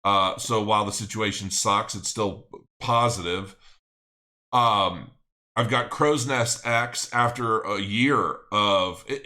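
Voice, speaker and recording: A man's voice: mid-range voice, pushed and bright. A middle-aged man hosting a casual livestream, rambling and thinking aloud as he reads viewer comments. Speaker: crypto channel host.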